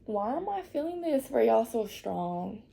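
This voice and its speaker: A woman's voice: fairly high pitch, very animated, measured pace, gravelly, warm tone. A woman giving a tarot reading to her viewers, tearful and reassuring, laughing through her emotion. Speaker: tarot reader.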